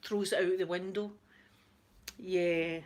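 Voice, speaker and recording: A woman's voice: on the low side, steady tone, takes it slowly, a little mellow. A middle-aged woman with a Scottish accent, hosting a casual chat with viewers and reading out their comments. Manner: chatty, reads out viewer comments, laughs often. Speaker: ASMR livestream host.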